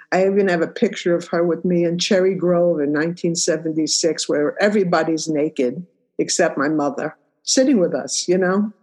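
A woman's voice: on the low side, a little mellow. An older woman from New York telling her life story in a reflective, conversational way, often saying "you know". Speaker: interviewee. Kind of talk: personal storytelling.

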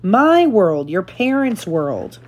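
A woman reading a storybook aloud, voicing a huge, hot-tempered but bighearted man who booms and exclaims, in a raised voice. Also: very animated, takes it slowly. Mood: indignant. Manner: booming and exclaiming.

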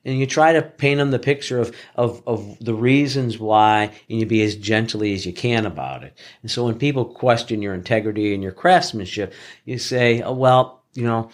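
A man's voice: lowish voice, normal speed. A middle-aged man, a flooring contractor, telling work stories in an earnest, plainspoken way, often restarting his phrases. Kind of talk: casual storytelling.

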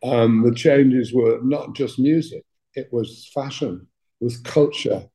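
Older man, English accent, mellow tone, blunt storyteller, music manager guest. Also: mid-range voice, steady tone, takes it slowly, rough recording. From England. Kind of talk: interview anecdotes.

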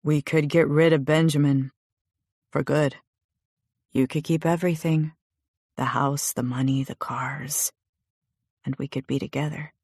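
A woman voicing a tense, protective young man who talks low, steady and urgent in an audiobook. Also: unhurried, long pauses, slightly rough, no echo, studio quality.

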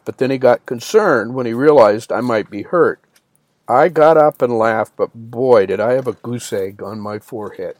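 A man's voice: medium pitch, a little mellow, dry recording. A man reading a first-person story as an audiobook narrator, in a plain storytelling manner that lifts slightly for quoted lines.

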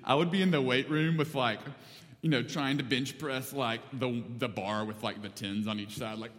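A man from North Alabama preaching, telling a story in a casual, animated way with many fillers. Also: medium pitch, moderate pace, in a large hall. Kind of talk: sermon storytelling.

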